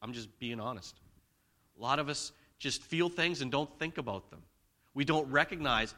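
Bright-voiced male pastor preaching. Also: mid-range voice, moderate pace. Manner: conversational preaching with dramatic swings in loudness. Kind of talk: sermon.

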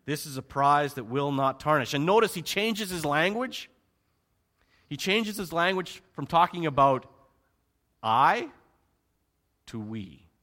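A man preaching a sermon with animated emphasis, rhetorical questions and joking asides. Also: a little high, measured pace, long pauses. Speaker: pastor.

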